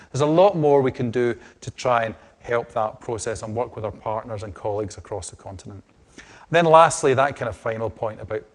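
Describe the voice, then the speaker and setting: A middle-aged man from Scotland with a strong Scottish accent, giving an academic lecture with frequent restarts and fillers. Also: medium pitch. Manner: hesitant, many restarts and fillers. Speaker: lecturer on groundwater.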